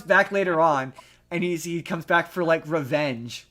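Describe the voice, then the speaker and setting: A man with a slightly high voice talks on a casual podcast. He tells his story in a rambling, lively way and keeps stopping to restart his sentences. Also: unhurried. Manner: rambling, animated retelling with many restarts. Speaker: podcast co-host.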